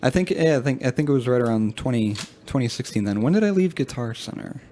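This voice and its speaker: A man's voice: medium pitch, animated, quick pace, mellow, a little hiss or hum. A man co-hosting a casual podcast chat, laid-back and agreeable with lots of ums and uhs, on a close mic. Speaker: podcast co-host.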